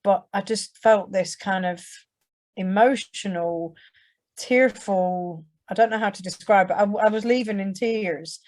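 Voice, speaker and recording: Her mid-range voice unhurried and darkish, a young woman from England relates her testimony before a church audience. The talk is conversational, with many restarts and acted-out quotes.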